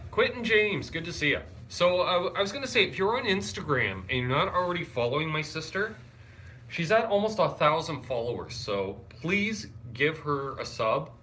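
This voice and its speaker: A young man live-streaming from a hotel room, his bright voice swinging up and down as he talks. He is wired and tired, and chats in a scattered way while reading viewers' comments aloud. A faint hiss of noise sits under his voice. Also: a little high, very animated, moderate pace. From Canada. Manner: scattered, chatty, greets viewers and reads the chat aloud. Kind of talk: casual live-stream chat.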